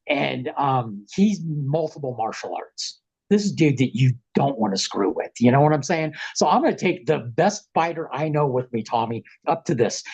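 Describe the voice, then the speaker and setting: Man, middle-aged, husky, rambling slangy storyteller, dull lo-fi audio. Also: on the high side. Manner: animated, rambling, slangy, acts out quotes. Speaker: podcast guest. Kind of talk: casual storytelling.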